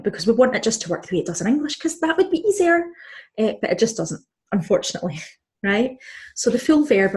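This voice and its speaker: Scottish woman teaching Spanish. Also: medium pitch. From Scotland. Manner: patient, explains step by step with frequent "so" and "right?". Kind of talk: online language lesson.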